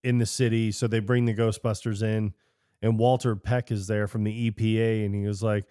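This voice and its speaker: Animated man retelling movie scenes. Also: fairly low pitch, moderate pace, smooth, no echo, clean studio sound. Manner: animated, acts out movie lines in raised voices. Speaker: podcast co-host. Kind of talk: casual film chat.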